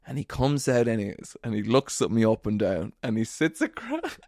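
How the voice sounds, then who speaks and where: A man tells a story to his audience in a relaxed, earnest way with asides that poke fun at himself. His voice has a gravelly edge. The sound is close and dry, with no room echo. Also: fairly low pitch, normal speed. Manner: storytelling, earnest and motivational with self-deprecating asides. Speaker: podcast host. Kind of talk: casual monologue.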